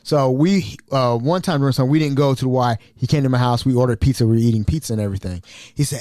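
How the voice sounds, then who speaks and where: A man's voice: medium pitch, fast talker, dry recording, clean studio sound. A man from Ohio hosting a podcast, telling old stories in a casual, chatty way with frequent laughs. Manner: animated, laughing often, chatty. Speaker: podcast host. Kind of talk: casual storytelling.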